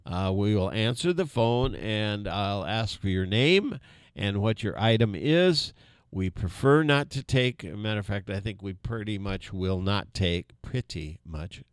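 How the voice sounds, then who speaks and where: A man's voice: on the low side, expressive, measured pace, smooth, no echo, clean studio sound. A man in his sixties hosting a local radio show, talking casually with many fillers and folksy asides. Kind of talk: casual on-air talk.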